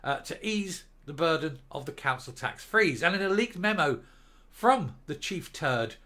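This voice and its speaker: Older male host, sarcastic news rant, bright forceful voice, a bit high. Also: expressive, a little slow. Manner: sarcastic, mocking, scornful. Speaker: political commentary host. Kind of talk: reading news and ranting.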